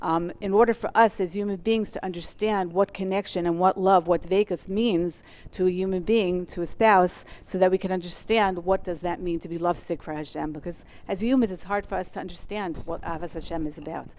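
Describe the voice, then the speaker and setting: Fast-talking woman teaching a class. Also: fairly low pitch, fairly even intonation, a little mellow. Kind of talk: religious class lecture.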